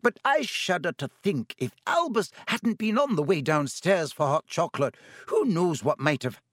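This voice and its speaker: A man's voice: fairly high pitch, very animated, moderate pace, dry recording, studio quality, pitched above the performer's own voice. McGonagall, a man doing a stern older witch. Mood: urgent. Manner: crisp, urgent and clipped. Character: stern older female professor, brisk and urgent. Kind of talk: audiobook character voice.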